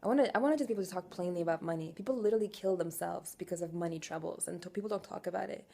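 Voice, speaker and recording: A woman in her twenties venting in an emotional confessional rant, raw and profane, swinging from quiet weariness to loud exasperation and asking again and again whether you follow her. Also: on the low side, rapid-fire, gravelly. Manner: raw, profane, keeps asking "do you know what I'm saying". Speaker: vlogger.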